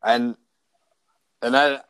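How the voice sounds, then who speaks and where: A man's voice: mid-range voice, level tone, very slow, fairly bright tone, clear, resonant tone, dry recording. Mock-annoyed young man, dry sound. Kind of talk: casual chat.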